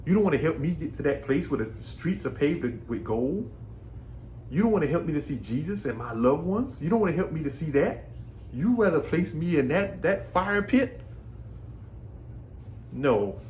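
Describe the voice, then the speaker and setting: A man's voice: fairly high pitch, very animated, moderate pace, darkish tone, slight background noise. A man from Brooklyn, New York, giving a casual, folksy faith talk, often repeating words as he thinks. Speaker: faith vlogger.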